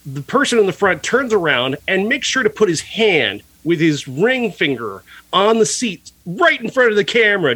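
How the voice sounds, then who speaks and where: Male podcast co-host, husky, a touch high, animated profane film rant. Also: moderate pace, hardly any pauses, dry recording. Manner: animated, profane, mocking, laughs often. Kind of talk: casual film review chat.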